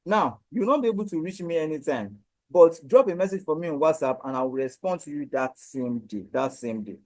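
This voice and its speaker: A man with a Nigerian accent giving a repetitive, emphatic sales pitch for his coaching program. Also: expressive, fairly quick, a little mellow, no room sound, rough recording. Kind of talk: direct-to-camera sales pitch.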